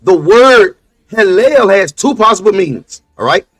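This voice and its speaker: Emphatic high-voiced man preaching his point. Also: animated, measured pace, a bit bright, no room sound, soft background music. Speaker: podcast co-host. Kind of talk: casual religious discussion.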